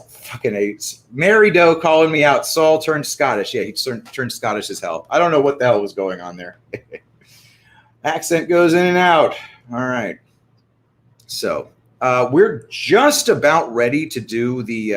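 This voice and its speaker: A man hosting a casual livestream, rambling and profane with many fillers and restarts, who also reads a listener's story aloud. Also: medium pitch. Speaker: livestream host.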